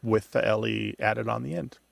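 Gravelly-voiced man co-hosting a radio show. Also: fairly low pitch, steady tone, no room sound. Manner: easygoing and explanatory, quick with a joke. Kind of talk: conversational radio call-in show.

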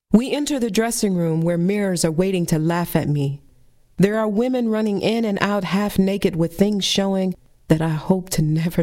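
Wry woman with a mellow low voice. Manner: wry, dry deadpan humor. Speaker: storyteller. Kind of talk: performed personal story.

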